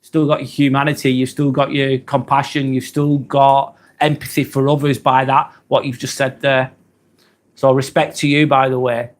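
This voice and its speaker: Hosting a live stream, an English man in his 40s talks casually through viewer comments. Medium in pitch, flat in delivery, and normal in speed, he is earnest and hesitant, peppering his talk with ums and apologies.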